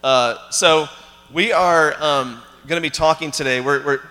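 A man with a bright, forward tone preaches in a church. He keeps it conversational, asking the congregation questions and using plenty of fillers. His voice carries a long reverb through the hall. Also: a little high, measured pace, soft background music. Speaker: pastor. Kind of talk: sermon. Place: church sanctuary.

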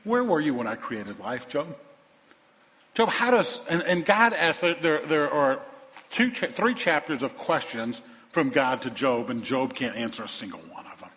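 Male pastor, preaching, storytelling, loud then hushed, long church reverb, dull sound. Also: mid-range voice, sing-song, moderate pace. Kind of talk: sermon. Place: large church sanctuary.

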